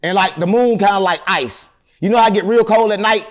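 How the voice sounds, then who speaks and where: A middle-aged man, telling long rambling stories with deadpan jokes as an interview guest. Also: high voice, brisk. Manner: animated, rambling, deadpan joking. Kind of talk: rambling storytelling in casual interview.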